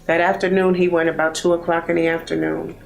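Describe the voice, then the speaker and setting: Gravelly-voiced grieving woman in her sixties. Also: fairly low pitch, level tone, slight background noise, rough recording. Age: 60s. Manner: heartfelt, halting, grieving. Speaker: bereaved mother in a support program. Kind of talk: personal testimony.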